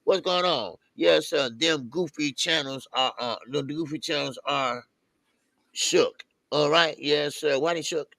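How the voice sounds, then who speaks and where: A man's voice: fairly high pitch, gravelly, no room sound. A man co-hosting a live boxing talk stream, chatting casually and greeting viewers one by one in the chat. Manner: shouts out viewers with lively, drawn-out greetings. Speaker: boxing show co-host.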